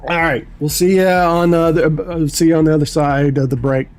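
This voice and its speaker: A man's voice: on the high side, little pitch movement, brisk, few pauses, a little mellow, clean tone, faint music behind. A middle-aged man chatting casually on a livestream, telling rambling, profane stories. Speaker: livestream host. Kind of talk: casual chat.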